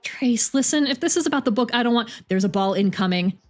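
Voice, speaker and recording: A woman's voice: on the high side, animated, fast talker, faint music behind, lightly acted. A woman voicing a weary, wry young woman football player who sighs and curses. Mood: frantic. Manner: sarcastic, sighing, swearing.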